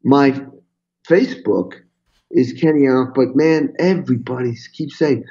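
Older man, podcast guest, mellow voice, lively storytelling, slightly dull sound. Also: medium pitch, normal speed. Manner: animated, swearing, acts out quotes. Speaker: guest drummer. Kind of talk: storytelling interview.

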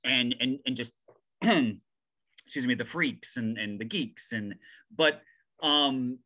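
A man hosting a podcast, asking a long question in a halting way with many restarts. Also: medium pitch, sharp tone. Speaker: podcast host. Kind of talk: casual interview.

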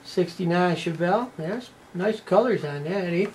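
A man's voice: sits high, measured pace, noisy background. Folksy Canadian man unboxing toy cars. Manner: folksy, rambling, tags lines with "eh". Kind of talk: casual unboxing commentary.

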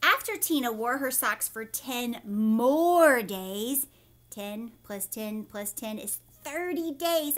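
A woman teacher reading a children's book aloud, animated and asking her young listeners questions. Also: sits high. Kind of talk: read-aloud storytime for children.

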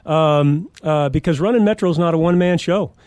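A man's voice: fairly high pitch, a little fast, a little mellow, clean tone, no echo. A man talking as a sheriff candidate on a radio talk show, speaking earnestly in a campaign style with frequent restarts and fillers.

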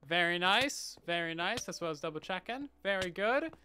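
Man, game streamer, headset mic, lively bouncing pitch, bright voice, hums and mutters to himself. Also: normal speed. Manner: mutters to himself, hums and reads out chat names. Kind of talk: casual live-stream chatter while playing.

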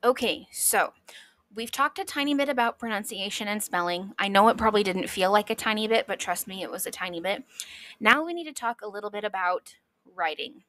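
Bright, chatty woman podcast host. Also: medium pitch, brisk, no echo. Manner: enthusiastic, chatty, self-deprecating asides. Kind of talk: casual educational podcast.

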